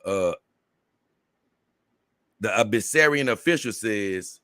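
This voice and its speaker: A man with a Southern drawl hosts a casual livestream and answers his viewers' comments. His voice sits low but sounds bright and forward, recorded close and dry. He rambles and repeats himself in an easygoing way. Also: expressive, slow, clear, resonant tone, dry recording. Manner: rambling, repeats words, laughs often. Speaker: livestream host.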